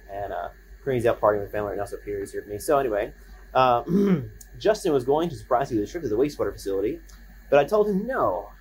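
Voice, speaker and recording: A man's voice: mid-range voice, a little mellow, slight background noise, low-quality recording. A man making a casual birthday video at home, rambling, singing and coaxing his pet.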